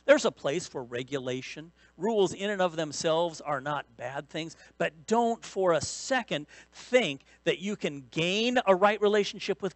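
Male pastor, sermon delivery, repeats key lines for weight, slightly high-pitched, dry mic. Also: no echo. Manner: animated preaching with rising bursts of emphasis; repeats key phrases for emphasis. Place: church sanctuary.

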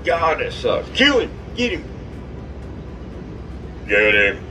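A man giving excitable, profane, trash-talking commentary over his own gameplay. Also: fairly high pitch, slow, recorded from a distance, over music.

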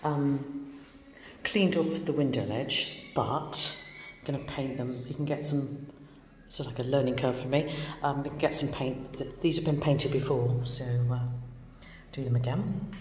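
A woman's voice: a bass voice, steady tone, a little slow, darkish tone. A woman vlogging her bungalow renovation in a casual, wry, self-deprecating way, sounding a little tired. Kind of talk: casual home renovation vlog. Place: empty bungalow under renovation, indoors. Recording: echoey bare rooms with hall reverb and background noise.

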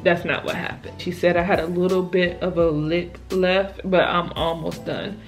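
A woman's voice: lowish voice, flat delivery, normal speed, soft background music. Exasperated young woman recounting a story. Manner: emphatic, exasperated retelling with "child" as an aside. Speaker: vlogger telling her birth story. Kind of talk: casual storytelling to camera.

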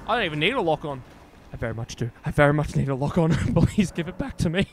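A man's voice: fairly high pitch, quick pace, faint music behind. A man commentating his own gameplay live, swearing and talking back to the game. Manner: profane, excitable, swears at the game. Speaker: streamer.

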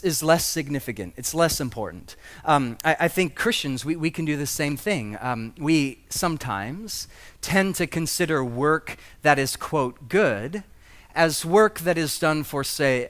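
A man's voice: on the high side, fairly bright tone. A man preaching a conversational sermon as pastor, with humorous asides and rising emphasis.

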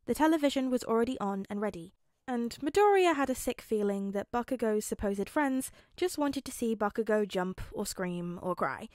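A woman with a fairly high voice narrating a fanfic audiobook in a calm, even storytelling manner. The recording is close and dry, with no room sound. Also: moderate pace, no echo. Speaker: podfic reader.

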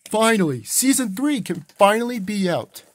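A man's voice: sits high, lively intonation, normal speed. A man voicing a big friendly cartoon cat toy in a fan toy play, eager and exclaiming.

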